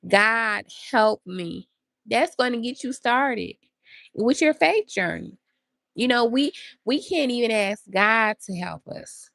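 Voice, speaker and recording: A woman hosts a motivational podcast and speaks earnestly and directly to her listeners. Her voice has a slightly gravelly texture. It sounds close and dry, with almost no room sound. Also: mid-range voice, fairly bright tone, no echo. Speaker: podcast host. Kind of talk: motivational talk.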